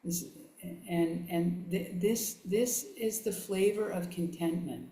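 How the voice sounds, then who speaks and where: Slow-talking woman in an echoey hall. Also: fairly low pitch. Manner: relaxed, chatty, laughs often, many restarts. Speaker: Buddhist nun teacher. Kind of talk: dharma talk. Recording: echoey room.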